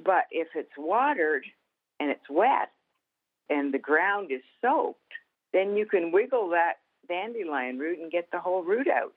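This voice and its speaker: A woman, a guest author and minister, telling stories in a folksy, animated way during a Christian interview. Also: lowish voice, measured pace. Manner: animated storyteller, folksy, laughs easily. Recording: tinny phone-like sound.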